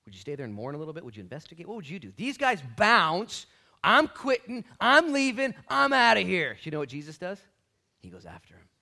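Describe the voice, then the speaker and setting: A man pastor teaching a sermon Bible study in a church, animated and casual, with slangy jokes and asides. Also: a little high, fast talker.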